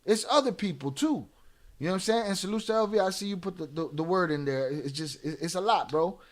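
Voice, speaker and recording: High-voiced guy, middle-aged, cussing out his stream chat, heated live talk. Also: animated, fast talker. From United States. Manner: blunt, profane, ranting at chat.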